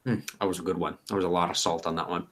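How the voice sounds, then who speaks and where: A man's voice: low voice, little pitch movement, rapid-fire, a bit bright, pitched below the performer's own voice. A man voicing an easygoing young fey who lives alone in a tower, rambling and hesitant with lots of fillers. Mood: laid-back. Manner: rambling, hesitant, laid-back.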